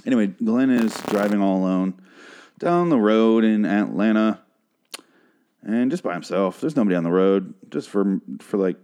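A man's voice: on the low side, lively intonation, moderate pace, darkish tone, clear, resonant tone. A man hosting a solo podcast, recapping a TV episode in a profane, sarcastic rant with a frog in his throat.

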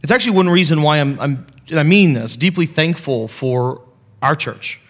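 A pastor in his thirties preaches to his church in the sanctuary on a handheld mic, conversational and self-deprecating as he tells family stories. His voice is on the high side with lively intonation at normal speed, and the recording carries long hall reverb.

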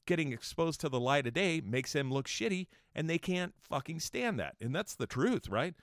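Foul-mouthed male podcast host, heated mocking rant, animated delivery, dry booth. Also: fairly high pitch, normal speed, no room sound. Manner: angry, swearing, mocking whiny voices. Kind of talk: profane casual podcast rant.

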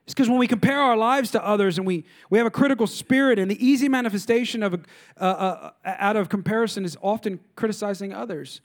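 High-voiced man preaching a lively sermon. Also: quick pace. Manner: animated preaching, rhetorical questions, mimicking complainers. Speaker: pastor.

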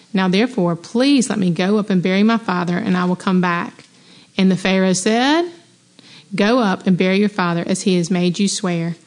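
A woman of middling pitch leads a women's Bible study. She reads passages aloud and breaks off into eager, chatty commentary, tossing rhetorical questions to the group. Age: adult mother. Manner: enthusiastic, conversational, exclaims and asks rhetorical questions. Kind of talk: Bible study teaching with scripture reading.

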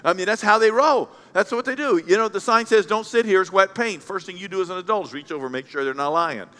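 A male pastor delivers a playful, animated sermon, trading loud bursts for quiet asides. His voice sits high and sounds bright and forceful. The sound carries the long reverb of a large church hall. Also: quick pace.

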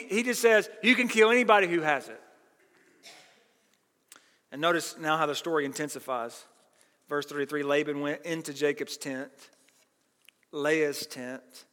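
A man's voice: high voice, sharp tone. A male pastor preaching a sermon, explaining scripture with an emphatic, earnest teaching tone. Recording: long reverb of a large hall.

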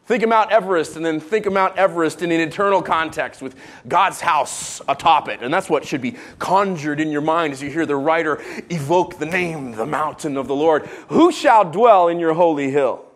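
A man raised in Israel delivers a sermon in a fairly high voice. He preaches in an animated, joking way, jumping from loud emphasis to hushed, quiet asides. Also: moderate pace. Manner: animated, jokey preaching with sudden quiet drops. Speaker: pastor.

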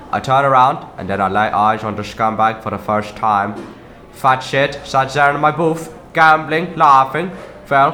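A man's voice: fairly high pitch, bright, forceful tone, slight background noise. A man playing a self-pitying, short-tempered Christmas demon in a comedy sketch. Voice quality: gruff, self-pitying and quick to anger. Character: grumbling male Christmas demon with horns and fangs.

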